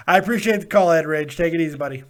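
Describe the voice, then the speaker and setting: Man, live stream host, rambling and excitable, slightly high voice, casual chat. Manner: excitable, rambling, laughs often. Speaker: host of a wrestling review show.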